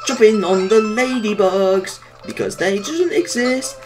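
A woman's voice: medium pitch, takes it slowly, hardly any pauses. A woman doing casual, goofy gameplay commentary as a let's play gamer, rambling and laughing at her own jokes. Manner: goofy, rambling, breaks into silly sing-song asides. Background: faint video game music.

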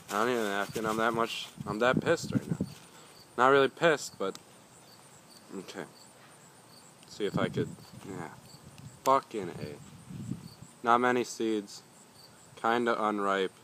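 Rambling, profane young man with a bright voice. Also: lowish voice. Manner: rambling, swears often, grumbling. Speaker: pepper reviewer. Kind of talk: casual vlog talk.

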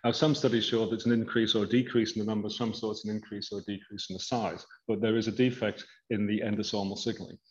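Low-voiced man giving a lecture. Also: level tone, dull audio. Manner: explanatory, walks through slides with measured hedging. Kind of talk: academic lecture.

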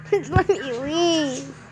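High-voiced excitable female gamer, slow talk. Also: poor audio. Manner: excitable, jumpy, playfully exasperated. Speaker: gaming channel host. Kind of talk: casual game commentary.

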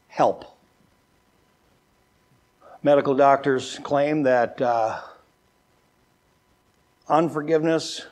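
An older man preaching a sermon as a pastor, folksy and joking, who often repeats words and slows down with a lifted voice when he reads scripture. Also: medium pitch. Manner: slows down and lifts his voice when reading scripture.

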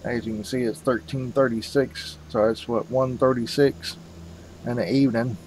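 A man's voice: mid-range voice, steady tone, moderate pace, darkish tone, low-quality recording. Guy rambling thru a farming game, easygoing, talks to "folks", faint noise behind. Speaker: gaming channel host. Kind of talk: casual game commentary.

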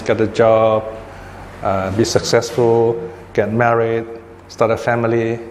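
A man's voice: mid-range voice, a little mellow. Guy giving a buddhist dharma talk, keeps asking "okay?", long reverb, faint hiss behind. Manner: explanatory, checks in with listeners often. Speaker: Buddhist teacher. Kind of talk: dharma talk explaining a scripture. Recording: long hall reverb, faint background noise.

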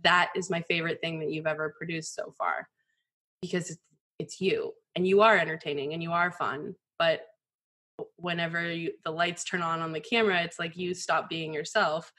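A woman in her thirties, a poker journalist as guest, telling candid stories in a casual, animated way with many "like" fillers. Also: on the low side, moderate pace. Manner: animated, frequent "like" fillers, mimics voices in quotes. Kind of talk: candid conversational storytelling.

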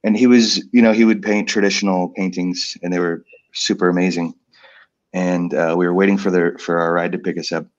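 Deep flat-voiced man telling a story. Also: highs cut off. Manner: halting, many fillers. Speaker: guest author. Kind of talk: casual storytelling. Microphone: video call.

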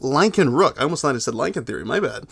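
A man's voice: mid-range voice, animated, quick pace, creaky, fairly bright tone, slightly rough. A man hosting a casual livestream, reading donation messages aloud in a laid-back, crude way. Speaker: livestream host.

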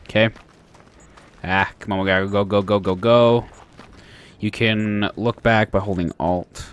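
A man's voice: on the low side, steady tone, unhurried, smooth. A man hosting a gaming channel, chatting casually as he plays and talking back to the game characters. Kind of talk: let's play commentary.

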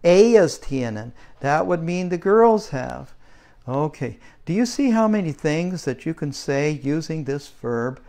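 A man teaching a beginner language lesson in a slow, patient way, checking in with "okay?" as he goes. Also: fairly high pitch, lively intonation, warm tone. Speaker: Spanish teacher.

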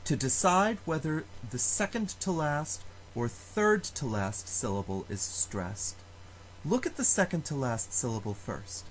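A man teaching a Latin lesson, explaining stress rules slowly and carefully and sounding out example words. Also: fairly high pitch, very animated, slight background noise, low-quality recording. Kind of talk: recorded lecture.

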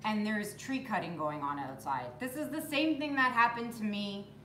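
A woman's voice: mid-range voice, animated, normal speed, fairly bright tone, reverberant, slight background noise. A woman hosting a live stream from home, chatting casually, greeting viewers by name and cooing at her puppy. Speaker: acrylic pour artist hosting a live stream. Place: home room with the door closed.

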